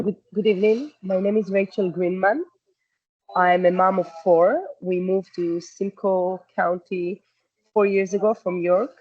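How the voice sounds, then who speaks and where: Chatty mom on a video call from a hockey rink, kinda dull lo-fi sound. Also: female voice, fairly low pitch, a little mellow, dry recording. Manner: eager, chatty, many fillers. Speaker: parent committee member. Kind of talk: virtual meeting introduction. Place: noisy hockey arena.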